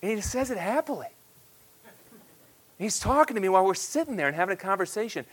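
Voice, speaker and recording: Male pastor in his thirties, high-pitched, emphatic sermon delivery with loud peaks and soft asides. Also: very animated, fast, breathy edge. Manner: emphatic preaching that swings between loud declarations and hushed asides.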